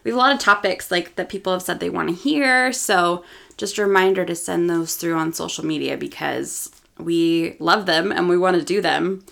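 Woman, co-host, casual chat, slightly sick voice, gravelly, lower pitch. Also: moderate pace, fairly bright tone. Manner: chatty, laughs often, trailing asides. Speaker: podcast co-host.

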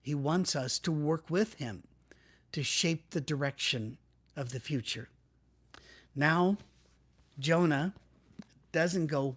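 A male pastor preaching in a relaxed, conversational way, acting out the people he quotes. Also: on the high side, slow, long pauses. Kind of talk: sermon.

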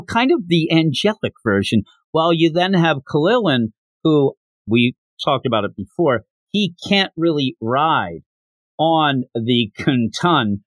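On the high side, this man's voice comes through with no room sound. As a podcast host reviewing manga, he recaps a comic chapter in a relaxed, giggly, animated way, performing the characters' lines.

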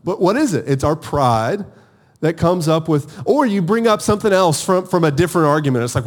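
A man's voice: a little high, moderate pace. A married man preaching a sermon with energy, calling on his congregation to answer back. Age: adult, married. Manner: energetic, calls for audience responses. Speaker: pastor.

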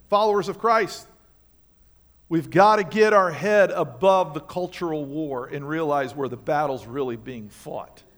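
Man, high-pitched voice, pastor preaching in a church, emphatic, asks the congregation questions. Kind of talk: sermon. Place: church sanctuary.

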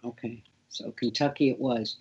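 A woman hosting an interview who talks slowly and hesitantly, with many fillers. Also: a bass voice, fairly even intonation, a little mellow, highs cut off, a little hiss or hum. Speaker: interview host.

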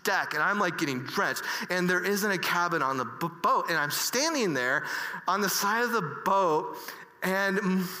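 A man telling a personal story earnestly, halting with many restarts and fillers. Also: sits high, animated, bright, forceful tone. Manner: earnest and emotional. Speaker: speaker. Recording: reverberant hall.

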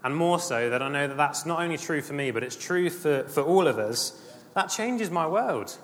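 A man's voice: fairly high pitch, expressive, moderate pace, a bit bright. Earnest male preacher in a reverberant hall. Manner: earnest, rising emphatic passages, repeats phrases. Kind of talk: sermon. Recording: long hall reverb, faint ambient noise.

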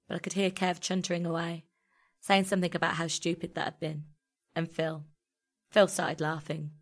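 A woman reading a first-person story aloud in a measured, intimate storytelling manner. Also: on the low side, little pitch movement. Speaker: narrator.

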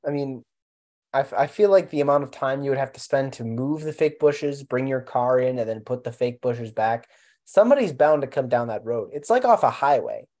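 A man with an everyday, mid-range voice co-hosts a podcast about films. He chats in a relaxed way and adds little stories as he talks. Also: mid-range voice, brisk. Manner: relaxed, chatty, adds anecdotes. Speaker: podcast co-host. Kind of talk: casual film discussion.

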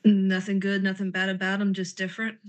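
A woman's voice: medium pitch, completely flat delivery, brisk. A woman playing a tabletop role-play game, speaking in character with petulant, sarcastic banter and describing her character's actions.

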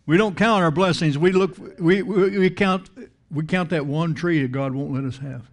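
A man's voice: fairly high pitch, normal speed. A man preaching a sermon in a conversational style, repeating words and asking the congregation questions.

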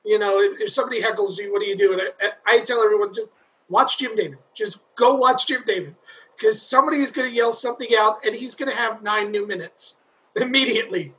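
A man's voice: high-pitched, quick pace, sharp tone, low-quality recording. A man hosting a comedy interview show, asking admiring, enthusiastic questions in casual chat. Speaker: podcast host.

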